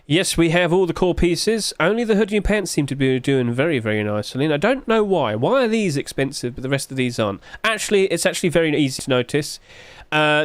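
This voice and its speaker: A man's voice: on the high side, no room sound. Chatty male streamer. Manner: chatty, musing aloud, rhetorical questions. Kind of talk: casual livestream commentary.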